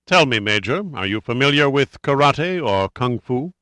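A man's voice: mid-range voice, expressive, normal speed, bright, forceful tone, clear, resonant tone, dry recording. A man voicing a cold, contemptuous male villain who speaks with commanding scorn.

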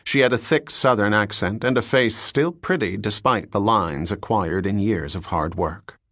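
In a dry recording of studio quality, a fairly low-pitched male voice reads an audiobook at a normal speed, keeping his storytelling steady and even.

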